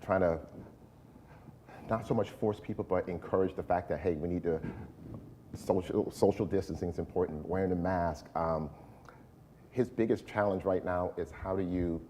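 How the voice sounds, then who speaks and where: A man's voice: sits low, moderate pace, pauses often, a little hiss or hum. A man chatting as a guest on a talk show, telling stories and acting out what people said. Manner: storytelling, animated when acting out quotes. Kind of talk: casual talk-show chat.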